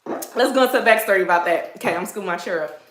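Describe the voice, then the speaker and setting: Woman, 30s, Southern American accent. Bright, casual livestream host, echoey room. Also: mid-range voice, very fast. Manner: chatty, animated, greets viewers, laughs often. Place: indoor room, seated.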